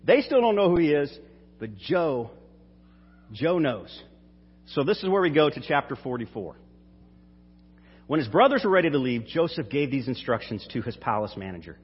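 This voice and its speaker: A man's voice: mid-range voice, big pitch swings, normal speed, pauses often, husky. A man preaching and reading scripture, retelling the story in a casual storytelling way. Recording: dull hall reverb.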